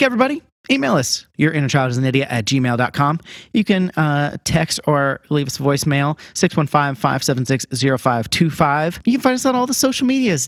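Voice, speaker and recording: A man's voice: on the high side, dry recording. A man chats on a casual podcast with a bouncy, widely swinging voice. He jokes around and fills gaps with ums and uhs. The sound is dry and close, with no room around it. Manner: animated, jokey, lots of fillers. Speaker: podcast co-host.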